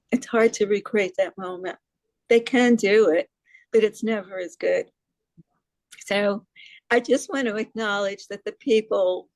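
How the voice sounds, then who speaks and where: A woman's voice: mid-range voice, darkish tone, dry recording, poor audio. New york lady giving a talk, chatty, asks the room stuff, pretty dry sound. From New York City. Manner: chatty, asks the audience questions, laughs at herself. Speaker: presenter on hearing loss advocacy. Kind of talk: casual presentation to a group.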